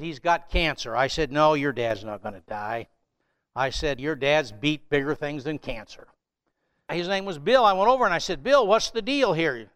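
A man's voice: on the high side, a bit bright, clean tone. Older man preaching a storytelling sermon. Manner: storytelling preacher, conversational with emphatic rises. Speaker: pastor.

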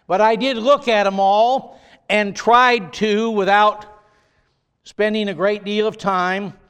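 Slow, emphatic high-voiced male preacher. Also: fairly even intonation, fairly bright tone, clear, resonant tone, big-room sound. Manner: emphatic, drawn-out stresses on key words. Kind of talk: sermon.

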